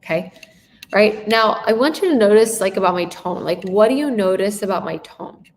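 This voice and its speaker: A woman giving a live sales training talk, very expressive, shifting her tone and emphasis and checking in with frequent rhetorical questions. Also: medium pitch, brisk. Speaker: sales coach.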